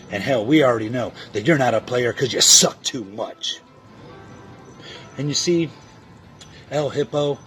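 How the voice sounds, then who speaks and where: A man cutting a trash-talking wrestling promo, boastful and taunting, heaping insults on his opponent. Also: medium pitch. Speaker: online wrestling league competitor.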